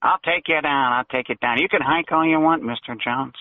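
A man's voice: fairly high pitch, fairly quick, no room sound. A male caller on a radio show, talking in a put-on cartoonish drawl. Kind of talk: call-in radio talk. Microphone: phone. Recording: tinny phone line.

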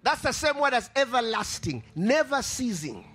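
A man preaching a sermon with impassioned, sing-song delivery, repeating his phrases and rising to shouts. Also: very high-pitched, sing-song, moderate pace, slightly rough.

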